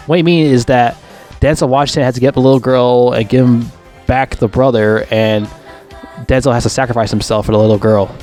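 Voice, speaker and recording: A man rants his way through a casual movie review, swearing constantly and circling back to the same points. His voice sits at an ordinary middle pitch, with faint music playing behind him. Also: steady tone, a little fast, a little mellow. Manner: profane, ranting, repetitive.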